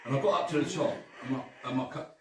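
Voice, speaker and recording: A man's voice: medium pitch, racing, crowd noise. A man telling long stories in casual chat, full of swearing and "right?" and "mate". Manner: swearing, chatty, says "right?" and "mate" a lot. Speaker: guest panellist. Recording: echoey room from far off, faint noise.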